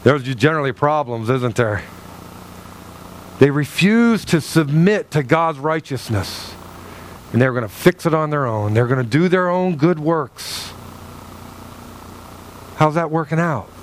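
A male pastor preaching a sermon in an animated way, acting out little dialogues with God. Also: a little high, unhurried, long pauses, a little hiss or hum.

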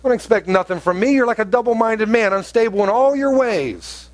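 A pastor preaching a conversational sermon, telling stories and rising to emphatic outbursts. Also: male voice, high-pitched, lively intonation, brisk, no echo.

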